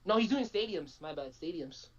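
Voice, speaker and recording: A young man co-hosting a live-streamed chat, excitable and profane, stumbling over his words as he rushes ahead. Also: high voice, lo-fi sound, crowd noise. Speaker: podcast co-host.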